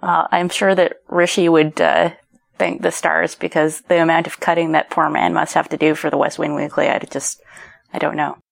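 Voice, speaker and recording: A woman guest on a casual podcast, talking about speech technology in a halting, self-correcting way. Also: deep voice, little pitch movement, gravelly.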